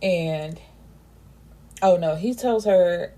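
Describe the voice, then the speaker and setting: Mellow-voiced woman recapping a book. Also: on the low side, unhurried. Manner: animated, profane, acts out character dialogue. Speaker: book reviewer.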